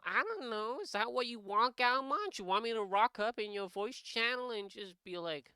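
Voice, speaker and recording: A man's voice: high voice, sing-song, moderate pace, few pauses, pushed and bright, clear, resonant tone, no room sound, studio quality. A young man chatting on his live art stream, rambling and joking with lots of swearing and false starts. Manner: rambling, profane, joking, many restarts. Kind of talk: casual live-stream chat.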